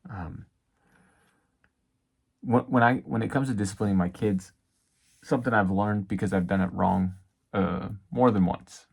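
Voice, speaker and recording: A man in his thirties giving a casual, reflective devotional talk about parenting as a father, halting with many fillers. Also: lowish voice, fairly even intonation, vocal fry, a little mellow, slightly rough. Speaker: faith vlogger and dad.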